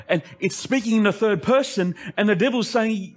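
A male pastor preaching an impassioned sermon that swings between emphatic lines and hushed asides. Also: high-pitched, moderate pace, few pauses.

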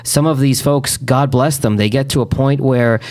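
A man hosting a talk show, chatting casually with frequent halting restarts. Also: medium pitch, steady tone, darkish tone. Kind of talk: casual studio chat.

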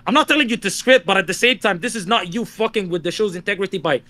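A man with a notably high voice argues his case as a co-host, insistent and blunt in a heated casual back-and-forth. He swears freely and keeps pressing his point. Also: quick pace, pushed and bright.

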